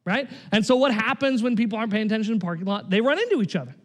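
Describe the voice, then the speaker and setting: A man's voice: sits high, very fast. A man preaching a sermon in a loose, conversational way, often checking in with "right?" and "like". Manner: conversational, animated, frequent "right?" and "like". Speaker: pastor.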